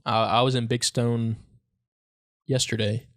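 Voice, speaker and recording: A man co-hosting a casual podcast chat about local legends, telling stories in a relaxed, joking way. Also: mid-range voice, a little slow. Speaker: podcast co-host.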